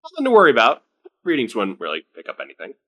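A man's voice: medium pitch, wildly swooping pitch, rapid-fire, bright, forceful tone. A man running a tabletop game as game master, narrating loosely with lots of fillers and restarts. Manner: loose, filler-heavy, restarts mid-sentence.

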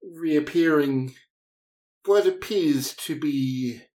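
A game master narrating a tabletop game, hesitant, with many fillers and pauses. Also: mid-range voice, warm tone.

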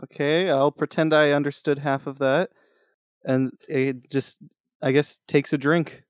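A man plays a tabletop role-playing game, speaking slowly in a slightly high voice. He stammers and hesitates, and the sound is dry and close. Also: little pitch movement, clean tone, no room sound. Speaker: player.

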